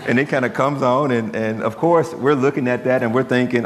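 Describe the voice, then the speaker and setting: A man's voice: medium pitch, steady tone, fairly quick, hardly any pauses. A man preaching a sermon as pastor, earnest and conversational, telling stories to make his point. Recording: long hall reverb, faint hum.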